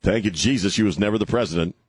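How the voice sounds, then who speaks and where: Husky and on the low side, a man's voice fires off rapidly as he hosts a talk show from a radio studio. Sarcastic and rambling, he chuckles through his riffs of casual banter, captured by a studio microphone with no room sound.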